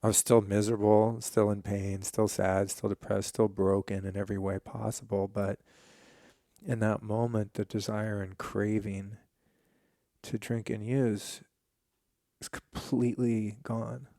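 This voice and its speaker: A man's voice: lowish voice, measured pace, dry recording, studio quality. A man in his forties, a podcast guest, candidly telling a personal story in a casual, profane way. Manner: candid, profane, animated retelling.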